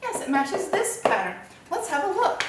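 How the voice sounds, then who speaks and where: A woman's voice: very high-pitched, very animated, normal speed, recorded from a distance, very noisy. A woman teaching a phonics lesson to young children, cheerful and encouraging, asking questions and answering them herself. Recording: very echoey room, voice from off-mic.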